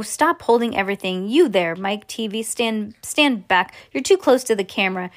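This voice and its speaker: Woman doing a male chocolate maker, eccentric, excitable, eager explainer, fairly high voice, storybook reading. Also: close to an everyday voice.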